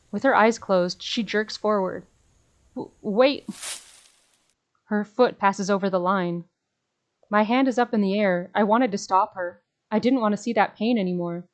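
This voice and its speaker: A woman streamer reading a visual novel aloud in an earnest, emotional way, breaking off to gush at the screen. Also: mid-range voice.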